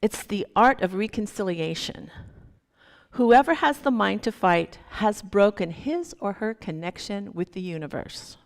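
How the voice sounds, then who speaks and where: A woman minister telling a story in a sermon, gentle and unhurried. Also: mid-range voice. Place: church sanctuary. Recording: long hall reverb.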